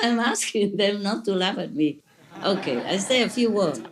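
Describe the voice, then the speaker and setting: A woman's voice: medium pitch, animated, normal speed, crowd noise. Woman, spiritual teacher; playful, gushing, laughs often; imperfect English. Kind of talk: answering questions at a gathering.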